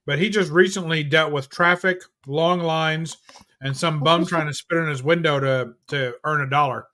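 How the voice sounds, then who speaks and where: Wry man with a bright voice. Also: fairly high pitch, fairly even intonation, moderate pace. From New York. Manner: dry, wry remarks, easygoing. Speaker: panel guest. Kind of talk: casual chat.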